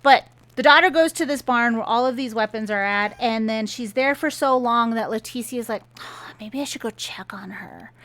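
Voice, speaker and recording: Exasperated high-voiced woman ranting. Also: fairly bright tone. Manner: exasperated, sarcastic, incredulous. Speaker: book reviewer. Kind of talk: casual ranting book review.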